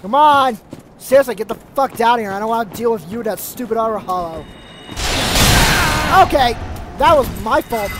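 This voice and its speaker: A man commentating his own gameplay, cursing often and yelling at enemies in frustration. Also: very high voice, normal speed, long pauses, loud music behind the voice, low-quality recording. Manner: frustrated, swearing, yells at enemies. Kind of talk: let's play commentary.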